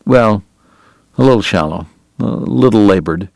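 A man reading a novel aloud in measured, deliberate narration. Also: lowish voice, vocal fry, a little mellow, dry recording. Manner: measured, deliberate, pausing on lists. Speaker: audiobook narrator.

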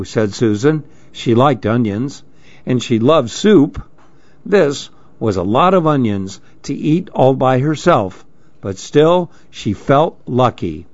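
A man hosting a program, reading a children's story aloud in a gentle, measured way. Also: medium pitch, lively intonation, no echo, lo-fi sound.

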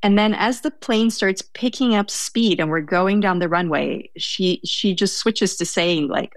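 A woman's voice: mid-range voice, measured pace, few pauses, no echo. A young woman telling a story in conversation, hesitant and self-correcting, laughing now and then.

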